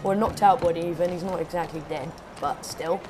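A man giving excitable, shouty let's-play commentary. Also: on the high side, a little fast. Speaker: gaming YouTuber. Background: loud game music and sounds.

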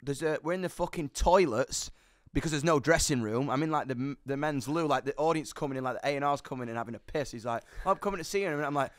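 A young man appears as a musician guest in an interview, telling a story fast and with energy, swearing a lot along the way. His voice is mid-range, and the studio-quality audio has no echo.

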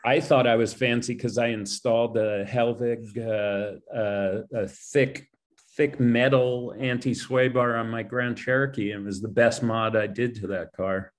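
A man's voice: medium pitch, steady tone, unhurried. A man hosting a casual car podcast, blunt and opinionated about parts and options. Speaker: podcast host.

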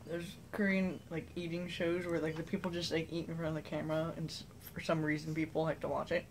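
A woman's voice: low voice, little pitch movement, quick pace, slight background noise. A young woman vlogger chatting casually with her friend, rambling with lots of fillers and frequent giggles.

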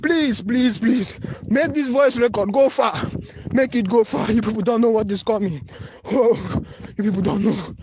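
A man's voice: extremely high pitch, normal speed, darkish tone, a little hiss or hum. A man with a Nigerian English accent, making an urgent, repetitive, pleading appeal in a phone voice note. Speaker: anonymous voice-note caller. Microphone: phone voice recording.

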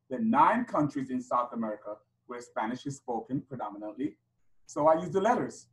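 A man's voice: mid-range voice, lively intonation, moderate pace, fairly bright tone, low-quality recording. A middle-aged man leading a teaching workshop, asking the audience questions and chanting letters to a beat. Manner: asks the audience rhetorical questions. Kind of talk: workshop lecture with chanted demonstrations.

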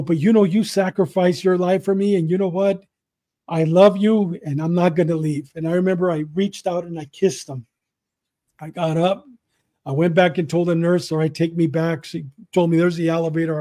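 A man's voice: on the high side, fairly even intonation, moderate pace, dark tone, no echo. A middle-aged man from Southern California, a retired police detective, earnestly telling a personal story and acting out the voices in it, often repeating himself. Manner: earnest, repeats himself, acts out both sides of remembered dialogue.

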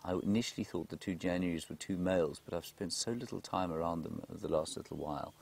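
A low, gravelly male voice, guiding a live safari from a vehicle out in the bush. He chats easily through viewer questions and goes hushed and excited when the animals show. The tone is husky and deep. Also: quick pace. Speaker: safari guide presenter. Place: outdoors in a game vehicle in the bush.

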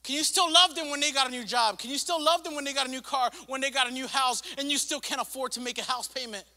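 High, bright-voiced man preaching. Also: quick pace, big-room sound. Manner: impassioned, rising and falling preaching with repetition; casual slang and asides. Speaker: pastor. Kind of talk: sermon. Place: church sanctuary.

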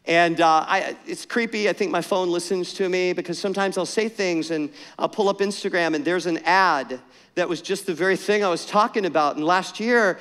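A man preaching a sermon with passion, moving between strong declarations and hushed, soft passages. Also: sits high, moderate pace, clear, resonant tone, long reverb tail. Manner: impassioned, swings to soft and hushed. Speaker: pastor.

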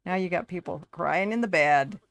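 A woman's voice: fairly low pitch, moderate pace, vocal fry. A woman giving casual, chatty commentary over her life-sim game, talking to her characters like a fussing parent. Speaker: gaming video creator.

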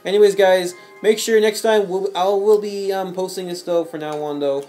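A man's voice: sits high, fairly even intonation, normal speed, a little mellow, faint music behind. A young man hosting a casual gaming video with a friend, rambling and often repeating his filler words. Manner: rambling, repeats "though" and "anyways". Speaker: channel host and gamer.

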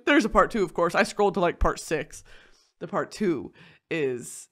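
A woman hosting a podcast, chatting casually in an animated way, swearing often and laughing through a story. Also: fairly low pitch, moderate pace. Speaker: podcast host. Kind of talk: casual chat.

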